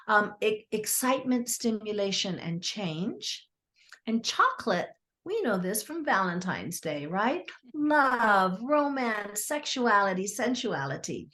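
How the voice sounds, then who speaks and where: A middle-aged woman, a therapist and author, telling client stories in a lively conversational way and acting out what clients said. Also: medium pitch. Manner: animated, acts out clients' quotes. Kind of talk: conversational storytelling.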